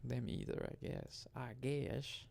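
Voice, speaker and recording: A man's voice: medium pitch, wildly swooping pitch, slow, gravelly, a little mellow, exaggerated voice. A man putting on a southern hick accent, playing a lawless drawling outlaw in a game commentary. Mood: defiant. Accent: US Southern (put on).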